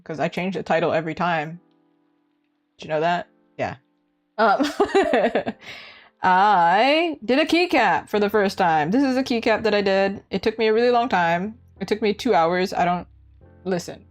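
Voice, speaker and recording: A young Canadian woman chats loosely through a live art stream, laughing often and letting her voice jump up and down. Her pitch sits in an ordinary middle range. Quiet music plays under her voice. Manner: chatty and giggly, lively swings in pitch. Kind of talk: casual live-stream chat. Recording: faint music behind.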